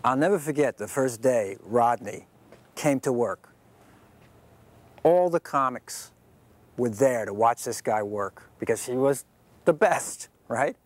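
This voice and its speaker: A man's voice: mid-range voice, slow, long pauses, no echo. Man telling an on-set story, dry sound. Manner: animated storyteller. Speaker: interviewee recalling a film shoot. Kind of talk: anecdotal interview.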